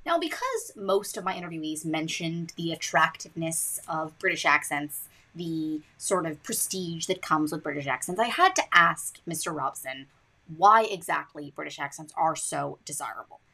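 A teenage girl hosting a podcast and reading her script with earnest emphasis. Her voice sits fairly low and swings widely in pitch, with a gravelly edge. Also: expressive, normal speed, bright, forceful tone. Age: teens. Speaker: student podcast host.

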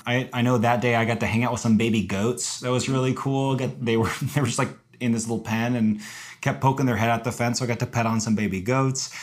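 A young man with a medium-pitched voice chats through a long story. He is lively and animated and pops up into high, sheepish tones when he quotes himself apologizing. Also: fast. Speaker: podcast co-host recounting a hike. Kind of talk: casual storytelling chat.

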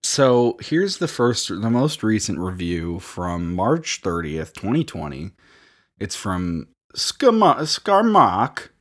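A young man with a low voice hosts a casual podcast, cracking jokes with his co-host. He reads reviews out loud and fills the pauses with ums. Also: very animated. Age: 20s. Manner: jokey, reads reviews aloud with frequent ums. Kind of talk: casual banter.

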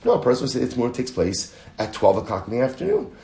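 A man's voice: mid-range voice, wildly swooping pitch, rapid-fire, creaky, dark tone, echoey room. A man teaching a Talmud study lesson, explaining the text step by step, reading Aramaic and Hebrew passages aloud and often restarting his sentences.

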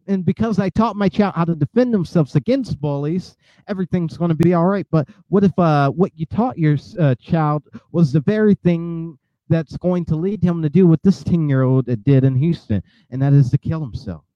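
Fired-up guy ranting on his show, lots of uhs and restarts, kinda high voice, dull dry lo-fi sound. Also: moderate pace, no room sound. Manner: angry, preachy, many filler uhs and restarts. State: outraged. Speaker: commentary show host. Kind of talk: impassioned commentary.

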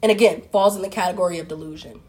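A woman's voice: lowish voice, rapid-fire, a little mellow. A woman delivering a casual opinion monologue to her followers, talking straight to the listener with lots of rhetorical questions and firm, blunt asides. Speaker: relationship commentator.

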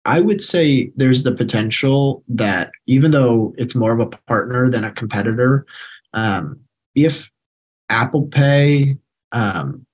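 A man co-hosting a casual podcast, talking hesitantly and trailing off softly. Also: mid-range voice, expressive, slow, low-quality recording. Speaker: podcast co-host. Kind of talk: casual investing discussion.

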